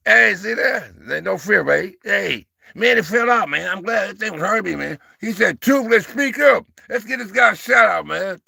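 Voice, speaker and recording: A livestream host in his sixties brings folksy, preacher-style energy, calling people "baby" and "brother" while playfully firing up his chat. His high, gravelly voice has lively intonation and a bright, forceful tone with a breathy edge, and he talks briskly with few pauses. The sound is studio quality, without any room sound.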